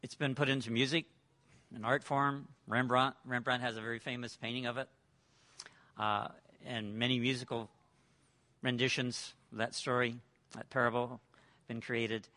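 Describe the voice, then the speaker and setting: Bright-voiced male preacher telling a story. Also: mid-range voice, level tone, normal speed. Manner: dramatic storytelling, swings from loud to hushed. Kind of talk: sermon.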